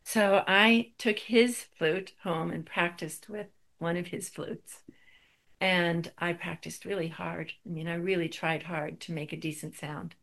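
A woman's voice: lowish voice, fairly even intonation, a little slow, gravelly, fairly bright tone. A middle-aged woman giving a spiritual talk, telling a personal story with wry, self-deprecating humor.

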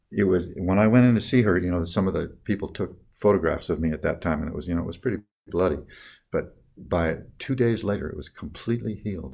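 An older man telling personal stories in a reflective talk, halting with many restarts and trailing off softly at tender moments. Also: sits low, gravelly. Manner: soft-spoken, dropping quieter on tender moments.

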